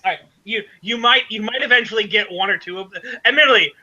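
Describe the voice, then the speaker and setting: A man running a tabletop game as game master, narrating haltingly with many fillers. His voice is high and sharply bright, and the audio sounds dull and lo-fi. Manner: rambling, hesitant narration with fillers.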